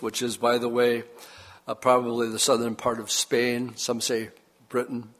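A man's voice: mid-range voice, measured pace. An older male pastor delivering a sermon in an easygoing, folksy way. He reads scripture aloud and drifts into personal stories. He leans hard on key words for emphasis. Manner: folksy storytelling preacher, lively emphasis.

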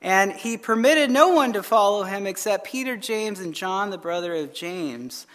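A man, a pastor, reads scripture aloud and then comments on it in a relaxed, conversational Bible study. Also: sits high, moderate pace. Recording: long reverb of a hall.

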